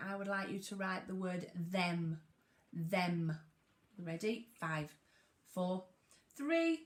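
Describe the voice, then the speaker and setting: A woman teacher leading a phonics lesson for young children, speaking clearly and encouragingly in call-and-response. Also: medium pitch, a bit bright.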